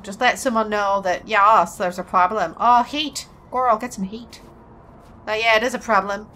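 A woman's voice: mid-range voice, steady tone, moderate pace, fairly bright tone. A woman casually commentating a game, chatty and jokey, talking back to the characters. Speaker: let's play host.

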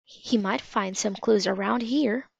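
A woman's voice: mid-range voice, unhurried, vocal fry, husky, dry recording, full character voice. A woman reading the lines of a loyal, earnest young boy in a storybook. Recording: slightly dull lo-fi recording.

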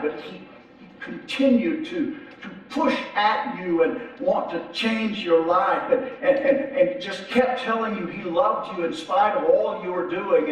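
A middle-aged man preaching a sermon as pastor, talking conversationally and often repeating his words as he restarts. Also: high-pitched. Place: large church sanctuary. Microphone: distant from the mic. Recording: echoey church hall from far off.

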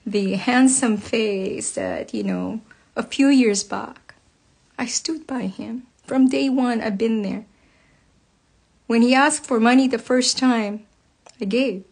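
A woman with a notably high voice talks straight to camera, blunt and impassioned. Her speech is heavily profane and personal, in the manner of an unscripted rant to her followers. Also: vocal fry. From United States. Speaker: vlogger speaking to viewers.

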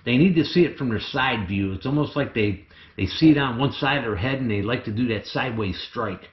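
A man keeping snakes, talking through a casual how-to vlog in an excitable, chatty way. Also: medium pitch, fairly quick. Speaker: snake keeper. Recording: echoey room, dull lo-fi sound.

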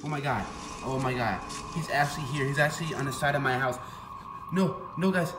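A man hosting a scripted prank vlog, talking excitedly and fearfully to his viewers. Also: mid-range voice, fast talker, background noise. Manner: excitable, frightened, addresses the viewers. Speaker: vlogger. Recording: echoey room with loud background music.

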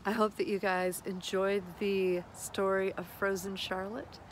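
Slow measured woman reciting a ballad. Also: mid-range voice, level tone, slight background noise, poor audio. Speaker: storyteller and channel host. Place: outdoors on a winter walk.

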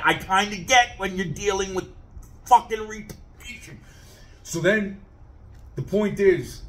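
A man's voice: fairly high pitch, a bit bright. A man telling a story as a profane rant, swearing heavily and stammering through restarts as he gets worked up.

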